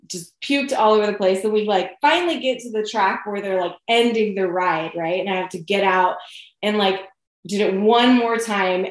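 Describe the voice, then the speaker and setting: Chatty woman in an echoey room. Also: medium pitch. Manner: chatty, lots of "like" and "you know". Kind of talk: casual storytelling.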